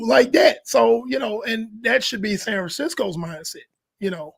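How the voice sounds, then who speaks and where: High-voiced man in lively sports banter. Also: brisk, vocal fry. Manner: animated, acts out quotes in shifting voices. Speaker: podcast co-host. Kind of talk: casual sports talk.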